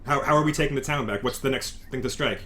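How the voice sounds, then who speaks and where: A man's voice: mid-range voice, fast talker, fairly bright tone, a little hiss or hum, lightly acted. A man voicing a terse, blunt female rebel commander who stammers through pressing questions. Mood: puzzled, pressing.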